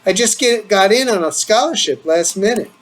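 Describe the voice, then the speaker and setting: A man's voice: lively intonation, normal speed, low-quality recording. Man reading as teen boy, teasing, needling, raised bouncy voice, play-read from a script. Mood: excited teasing. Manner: playful, needling, higher and brighter than his own voice. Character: teasing eager teenage boy leaving for college.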